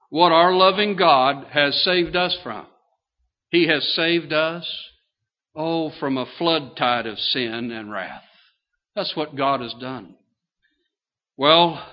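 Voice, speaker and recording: A man's voice: a little high, slow pace, pauses often. An older man preaching a sermon in a folksy way, asking his listeners questions as he goes. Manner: folksy, asks the congregation questions. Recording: dull lo-fi sound.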